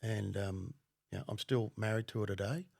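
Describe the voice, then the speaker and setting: Man, Australian accent, gravelly voice, swears a lot, laughs often, casual storytelling. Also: fairly low pitch, steady tone, moderate pace, darkish tone, dry recording, clean studio sound. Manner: profane, blunt, laughs often. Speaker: podcast guest, former undercover cop.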